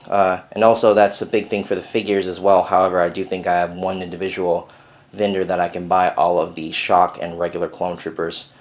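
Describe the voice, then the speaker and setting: Young male hobby vlogger, lowish voice, loose rambling delivery with lots of fillers, recorded at home. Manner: rambling, chatty, many fillers. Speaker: Lego builder vlogger. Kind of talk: casual video update. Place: bedroom at home.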